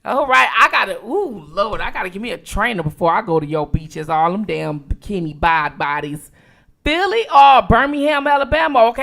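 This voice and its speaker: A woman from Detroit hosting a late-night livestream, chatting casually with viewers and reacting quickly to each comment. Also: on the high side, gravelly. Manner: animated, reads out viewer locations with quick reactions. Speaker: livestream host.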